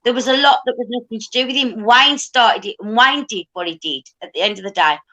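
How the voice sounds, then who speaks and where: A woman's voice: fairly high pitch, fairly quick, bright, forceful tone, dull audio. A woman hosting a casual livestream chat, talking emphatically.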